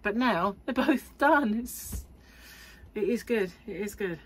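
A woman's voice: medium pitch, expressive, slow, slightly rough. A middle-aged woman vlogging casually to camera, rambling and chatty with frequent laughs. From United Kingdom. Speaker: crochet vlogger.

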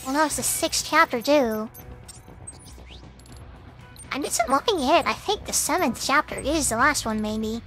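A woman's voice: high voice, lively intonation, normal speed, pauses often, a bit bright. A woman streamer chatting casually as she plays, thinking aloud about the game. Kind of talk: casual gameplay commentary. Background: game music.

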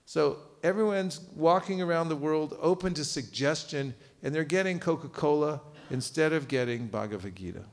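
A man's voice: on the high side, moderate pace, hardly any pauses. A man giving a live seminar lecture, quizzing his audience and cracking jokes. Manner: lively, quizzes audience, joking asides. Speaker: seminar teacher. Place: temple cultural hall.

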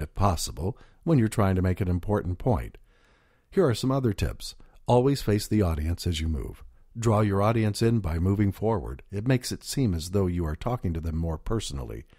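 A man reading a scripted instructional narration in a measured, clear voice, recorded on a close studio mic. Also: on the low side, mellow, no room sound.

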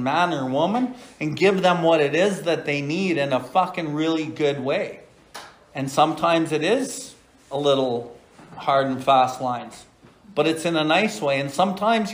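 A middle-aged man hosting a recovery podcast, talking bluntly and profanely with many "right?" asides and reading aloud from a recovery book. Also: fairly high pitch. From Canada. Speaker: recovery podcast host and sponsor. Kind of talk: blunt casual talk and Big Book reading.

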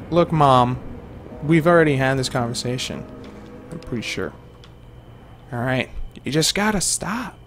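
A man's voice: medium pitch, fairly bright tone, slight background noise. A young man giving rambling, jokey let's-play commentary to his viewers as a gaming host.

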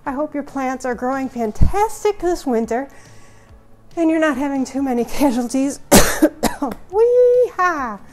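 A woman's voice: high-pitched, normal speed, heavy background noise. A woman hosting a casual houseplant tour vlog at home, chatty, goofy and rambling. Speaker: houseplant channel host.

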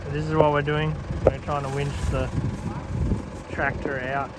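A man, calmly talking through his farm work outdoors in an easygoing, matter-of-fact way. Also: a little high, moderate pace. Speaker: farmer vlogger. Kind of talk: casual narration of farm work. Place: outdoors on a farm near machinery. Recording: engine noise in background.

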